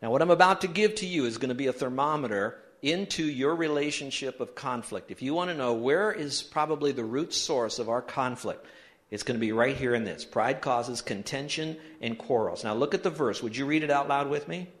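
A man's voice: mid-range voice, fairly quick, a bit bright. A pastor giving an emphatic sermon, leading his congregation in reading aloud together. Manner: emphatic preaching, leads the congregation in call-and-response reading. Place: church sanctuary.

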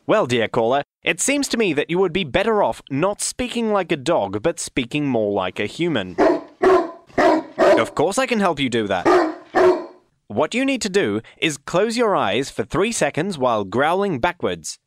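A man hosting a comedy fact show in a deadpan, pompous mock-radio manner. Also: fairly high pitch, moderate pace, dry recording, studio quality.

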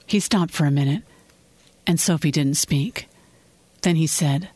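A woman narrating her own fiction podcast in an even, measured storytelling manner. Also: sits low, slightly rough, no echo. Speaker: author and narrator.

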